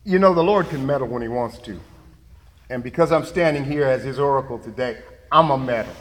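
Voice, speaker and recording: A man's voice: medium pitch, a little fast, in a large hall. A man preaching a sermon, laughing and making asides to the congregation. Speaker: pastor.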